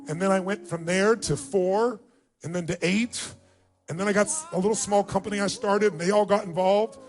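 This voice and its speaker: A man's voice: steady tone, normal speed, soft background music. A man giving a motivational speech, telling a personal story with emphatic, emotional delivery. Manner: emotional, emphatic storytelling with big pitch swings. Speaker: motivational speaker.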